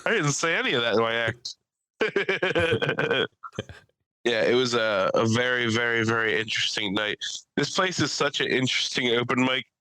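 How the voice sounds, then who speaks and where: A young man tells stories on a casual podcast, jumping into high squeaky voices to act out the people he met. His voice is bright and forceful. The sound is dry and close. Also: moderate pace, no echo, low-quality recording. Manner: animated storyteller who acts out people in high voices. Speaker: podcast co-host and stand-up comic. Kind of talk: casual chat.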